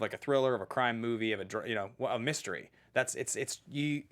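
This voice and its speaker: A man's voice: mid-range voice, quick pace, few pauses, a bit bright. A man co-hosting a casual film podcast over a remote call, rambling and restarting his sentences as he leads segments.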